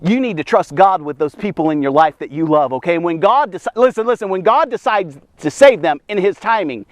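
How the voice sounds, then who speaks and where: A man preaching an energetic daily devotion, emphatic and repetitive, often asking "okay?" and coming back to "here's the thing.". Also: high-pitched, brisk, dry recording.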